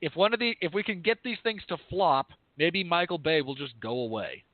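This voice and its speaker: A man's voice: on the high side, expressive, moderate pace, no room sound. A man co-hosting a film review podcast, talking in a rambling, candid, self-correcting way. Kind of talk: casual review chat. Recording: tinny phone-like line, dry.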